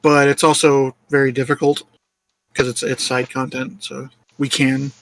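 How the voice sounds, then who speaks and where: A man's voice: mid-range voice, flat delivery, normal speed, creaky, a bit bright, dry recording. A man who leads a small game studio, chatting casually in an interview, jokey and self-deprecating with frequent laughs. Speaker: lead game developer.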